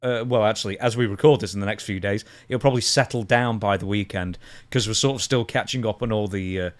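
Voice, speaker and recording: A man's voice: on the low side, fast. A man co-hosting a casual podcast, wrapping up the show in a rambling, dry way. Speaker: co-host.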